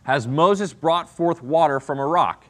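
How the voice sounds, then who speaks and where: A man's voice: on the high side, unhurried, fairly bright tone. A man teaching an interactive Bible lesson, asking the class questions and often checking in with "okay?" and "right?".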